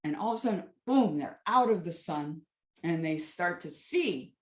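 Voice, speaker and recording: A woman teaching a gentle foot exercise, weaving a story into soothing, calm instructions. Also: lowish voice, moderate pace, reverberant. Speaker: movement teacher.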